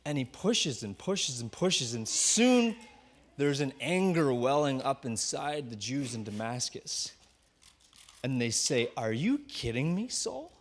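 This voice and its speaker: A man, a pastor, retelling a story in a sermon with animated delivery, acting out the voices. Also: mid-range voice, takes it slowly.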